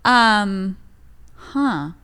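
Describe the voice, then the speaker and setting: A woman from Michigan chatting as a podcast guest in a mid-pitched voice. She tells stories loosely with lots of "like" and "um", often giggling. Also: animated, very slow, sharp tone, clear, resonant tone. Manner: chatty, giggly, filler-heavy storytelling. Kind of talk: casual comedic chat.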